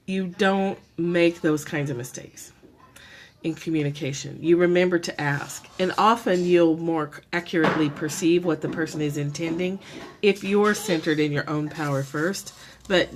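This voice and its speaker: Slight background noise surrounds this woman's unhurried, lowish voice. Streaming live from a room at home through a propped-up phone or camera, she keeps it casual and reflective, musing, self-correcting, and laughing easily.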